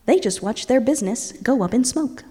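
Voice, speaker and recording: Animated woman preacher retelling a story. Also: a little high, moderate pace, breathy edge, in a large hall. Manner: animated retelling, voicing the characters. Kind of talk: lively sermon storytelling.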